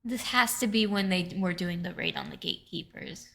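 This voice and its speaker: A woman's voice: on the low side, normal speed, vocal fry, sharp tone. A woman playing a tabletop role-playing game, eagerly pressing the game master with questions. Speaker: player.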